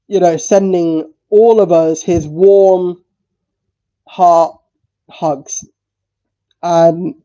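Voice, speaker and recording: Through dull, lo-fi audio, a man in tears talks on a stream with a high, very dark voice, speaking slowly and haltingly. He stumbles, repeats words, and occasionally swears in this emotional livestream talk.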